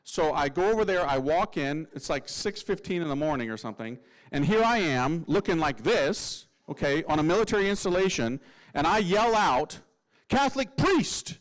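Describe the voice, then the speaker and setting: Lively, slangy male priest telling a story. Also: a little high, normal speed, low-quality recording. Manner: lively, slangy, acts out voices. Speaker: Catholic priest. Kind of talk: humorous storytelling testimony.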